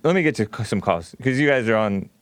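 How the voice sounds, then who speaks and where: A man's voice: medium pitch, animated, fast talker, no echo. A man hosts a call-in radio show and pushes back on callers in a blunt, provocative way. His voice sits in a middle range. The studio sound is dry and close. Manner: blunt, provocative, laughs often. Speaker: radio talk show host.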